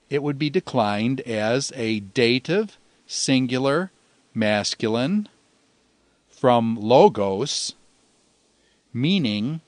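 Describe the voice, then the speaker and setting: A man gives a deliberate, unhurried language lesson, stretching out each phrase so it can be repeated after him. His voice sits at an ordinary middle pitch. It is recorded close and dry, with no room sound. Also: a little mellow, no room sound. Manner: measured, pausing often, drawn-out Greek phrases for repetition. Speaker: Greek teacher. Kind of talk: slow, deliberate grammar lecture.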